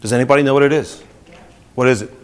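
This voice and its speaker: Talking fast in a mid-range voice, a New Jersey-accented man delivers a lively motivational speech to a group. Questions to the audience come often.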